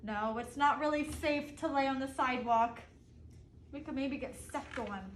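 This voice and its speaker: A woman whose voice sits high reads a picture book to children a little slowly, asking them questions between pages. The recording has slight background noise, faint ambience, and an echoey room captured from a distant mic.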